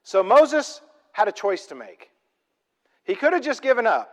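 A man preaching a sermon, emphatic and full of rhetorical questions, swinging between loud and soft. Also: sits high, very animated, measured pace, in a large hall. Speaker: pastor.

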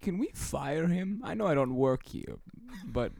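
A rambling, creepy old widower in his nineties, as a man puts him on, with a high, lively voice that swings up and down. He talks slowly and deadpan, drifting from one odd claim to the next. The recording is close and dry. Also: gravelly. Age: 90s. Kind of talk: improvised comedy podcast character.

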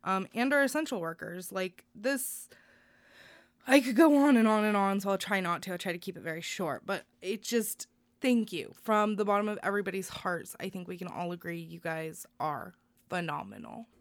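In a dry recording, a young woman co-host chats casually about good news on a podcast, rambling warmly and using plenty of fillers. She has a medium-pitched voice and a moderate pace.

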